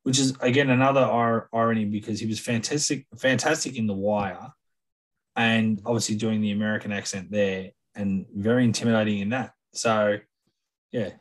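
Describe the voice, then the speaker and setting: Male podcast co-host, lowish voice, thoughtful, hedging talker. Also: steady tone, normal speed, poor audio. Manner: thoughtful, hedging, repeats himself. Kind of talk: casual film discussion.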